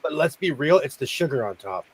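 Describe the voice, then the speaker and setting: A male host in easygoing chat, joking and drifting from one thought to the next. His voice sits a little high for a man. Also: animated, a little fast, a little hiss or hum. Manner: jokey, rambling, playful. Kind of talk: casual chat.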